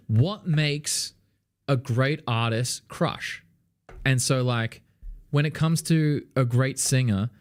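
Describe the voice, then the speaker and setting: A man teaching music in a casual livestream, animated and loose, peppering his talk with "like" and the odd swear word. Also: mid-range voice. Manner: sings song snippets to demonstrate. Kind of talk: casual livestream song feedback.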